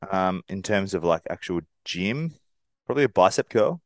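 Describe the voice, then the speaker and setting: A man's voice: deep voice, lively intonation, normal speed, no echo, clean studio sound. A young man co-hosting a podcast, telling stories in an easygoing way and chuckling as he goes. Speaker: podcast co-host. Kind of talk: casual chat.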